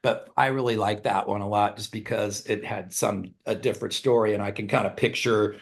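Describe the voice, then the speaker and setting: Man, middle-aged, rock singer, casual interview storyteller, animated quoted voices, loose swearing. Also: fairly low pitch, a little fast, creaky. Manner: animated storyteller, acts out quotes in raised voices, laughs often. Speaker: songwriter and band singer, interview guest.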